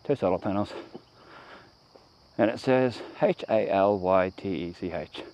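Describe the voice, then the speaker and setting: Deep-voiced and darkish in tone, this Australian vlogger speaks at a measured pace while walking a rural roadside with a handheld camera. His commentary wanders and often breaks off mid-sentence. A faint hiss or hum is audible.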